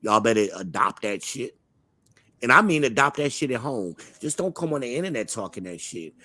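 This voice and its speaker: A man's voice: mid-range voice, animated, moderate pace, sharp tone, no room sound. A man from Charlotte hosting a live online talk show, talking in a blunt, profane, swaggering, opinionated way. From Charlotte, United States. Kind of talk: casual opinionated chat.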